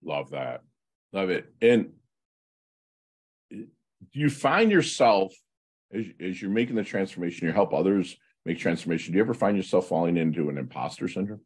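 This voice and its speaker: Casting note: motivational podcast host, man, very low and husky, effusive. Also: animated, moderate pace, long pauses. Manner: enthusiastic, effusive praise, motivational. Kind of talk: podcast interview.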